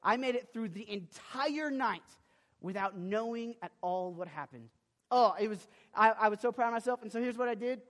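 A young man preaching a sermon and telling a personal story, animated, with sudden loud bursts and many restarts. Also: sits high, moderate pace. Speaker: pastor. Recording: long reverb of a large hall.

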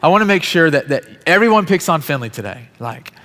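A man's voice: a little high, sing-song, a little fast, a bit bright, in a large hall, pitched above the performer's own voice. A man voicing a spiteful female schoolteacher who tells her class to pick on a little girl, in a mock-cheerful, bossy way.

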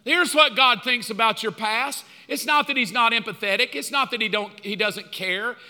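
A male pastor preaches in a high, piercing voice that rings through a long-reverb church hall. He is lively and conversational, and he acts out dialogue with God. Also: normal speed. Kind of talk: sermon. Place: church sanctuary.

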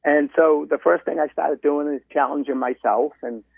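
This man of about seventy from Massachusetts is a marathon runner telling his story as an interview guest, animatedly acting out conversations and quoting other people. His voice is fairly high with vocal fry and a breathy edge, at normal speed. The line sounds dry and phone-like.

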